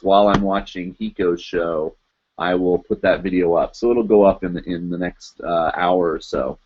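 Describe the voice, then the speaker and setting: A man hosting a casual live chat, rambling and searching for words, full of fillers and restarts. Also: sits low. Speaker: podcast host. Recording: dull lo-fi stream audio.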